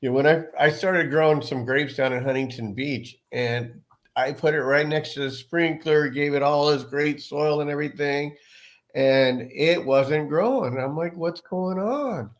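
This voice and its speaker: A man with a somewhat high voice leads a relaxed wine tasting conversation. He explains patiently and slips into little personal stories as he goes. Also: a little slow. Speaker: wine presenter. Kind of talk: casual chat.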